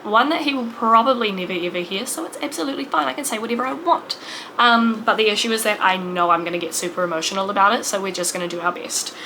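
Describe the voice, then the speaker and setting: A young woman in her late twenties speaks to camera in a personal vlog, her voice sitting at a middle pitch. She talks in an emotional, rambling way, stopping and restarting with fillers as she goes. A steady hiss of noise sits under the recording. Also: fast talker, rough recording. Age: 20s. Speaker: vlogger.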